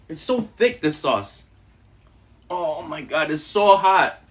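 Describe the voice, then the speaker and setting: Animated, joking male streamer. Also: a little high, slow, slight background noise. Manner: animated, joking, laughing often. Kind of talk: casual live stream chat while eating.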